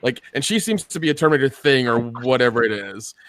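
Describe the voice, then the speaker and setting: A man's voice: medium pitch, animated, quick pace, fairly bright tone, no room sound. A man with a mid-range voice chats on a podcast, rambling and stumbling over fillers. His voice is recorded dry and close, with no room sound at all. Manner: rambling, hesitant, laughing along. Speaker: podcast co-host. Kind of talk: casual podcast chat.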